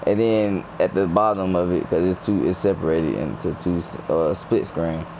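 A young man chatting casually while gaming with friends, excitable, swearing, often shouting and laughing into a headset mic. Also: deep voice, normal speed, noisy background. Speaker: gamer streamer.

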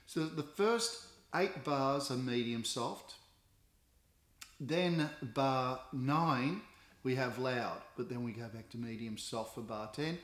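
A man's voice: medium pitch, slow, fairly bright tone. A middle-aged Australian man, a guitar teacher, explaining a lesson patiently with many fillers and restarts. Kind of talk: instructional explanation. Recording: roomy echo with guitar nearby.

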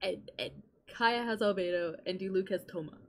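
A young adult woman streaming a game in casual chatter, excitable, rambling and swearing often. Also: medium pitch, moderate pace, a little hiss or hum.

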